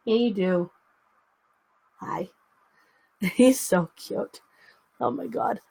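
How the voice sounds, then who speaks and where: A woman's voice: medium pitch, very slow, vocal fry, dark tone, breathy edge, dry recording. A young woman hosting a casual livestream, chatting to viewers and cooing baby talk to her dog. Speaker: livestream host.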